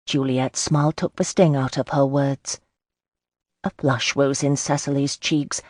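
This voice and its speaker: A woman narrating a historical romance audiobook in a measured storytelling manner. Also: rumbling low, flat delivery, darkish tone, no room sound, studio quality. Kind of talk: scripted narration.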